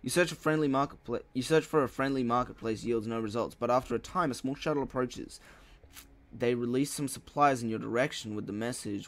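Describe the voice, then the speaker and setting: A man's voice: medium pitch, a little fast, fairly bright tone. A young man giving casual, profane commentary while playing a video game, muttering to himself and yawning now and then. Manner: swears a lot, frustrated outbursts, mutters to himself. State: sleepy, yawning. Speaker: let's play gamer.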